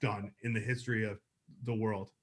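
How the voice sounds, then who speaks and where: A man's voice: fairly low pitch, level tone, normal speed. A man co-hosting a podcast, reviewing a TV episode in a chatty, upbeat way with lots of fillers. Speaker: podcast co-host. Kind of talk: casual review chat.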